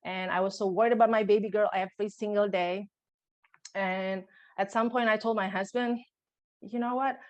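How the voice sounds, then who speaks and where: A young adult woman, a podcast guest, recounting a personal birth story in conversation, emotional and halting, with frequent restarts. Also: medium pitch, fairly even intonation, highs cut off.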